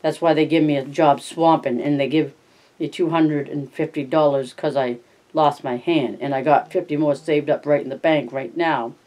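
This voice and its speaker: A reader voicing an old, one-handed ranch swamper who gets excited and a little louder as he talks in rural speech. The pitch is a touch raised, in a plain read-aloud telling of a novel. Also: normal speed, close to an everyday voice. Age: older.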